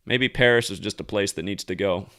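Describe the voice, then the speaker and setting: A man's voice: on the low side, brisk, pushed and bright. A man hosting a commentary monologue, talking heatedly with profanity and frequent restarts. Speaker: host.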